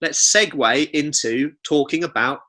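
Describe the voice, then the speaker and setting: A man's voice: a little high, a little slow, sharp tone. A young man co-hosting a comedy podcast, chatting casually and reading reviews aloud with joking asides. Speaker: podcast co-host.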